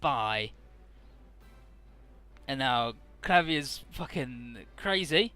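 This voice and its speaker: A man chatting loosely through a video game, with a fairly high, very bright and sharp voice. He sums up story scenes in plain, offhand talk, dropping in swear words and quick acted quotes. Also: lively intonation. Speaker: let's play commentator. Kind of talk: casual gameplay commentary.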